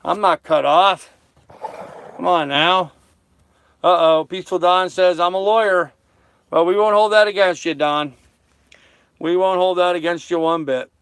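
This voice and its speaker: Broadcasting live from his little sailboat's cabin on a lake, an older sailing vlogger jokes with viewers and laughs at his own humor. He speaks in a high, fairly bright, steady voice, a little slowly and with long pauses. The recording is clean and dry.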